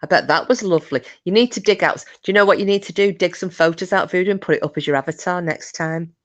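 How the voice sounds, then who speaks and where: Female streamer with a low voice, casual rambling host. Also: fast. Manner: chatty, rambling, chuckling asides. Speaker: livestream host. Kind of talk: casual chat reading viewer comments.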